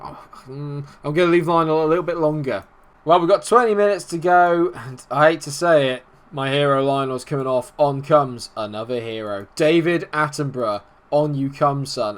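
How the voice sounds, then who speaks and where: A young man casually commenting on his football management game, getting excitable and shouting at big moments. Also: on the high side. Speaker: gaming YouTuber.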